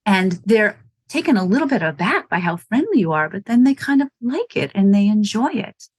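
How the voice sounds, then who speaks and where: A woman's voice: medium pitch, sing-song, moderate pace, slightly rough, no room sound. A woman from Wisconsin, a shop owner, chatting in an interview, telling stories, acting out quotes and laughing often. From Wisconsin, United States. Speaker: running shoe store owner, guest. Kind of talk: casual interview chat.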